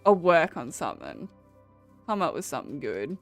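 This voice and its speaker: A woman's voice: deep voice, very animated, normal speed, faint music behind. A young Australian woman chatting casually with her viewers while playing a game, laughing often and swearing freely. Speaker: streamer. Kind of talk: casual chat while gaming.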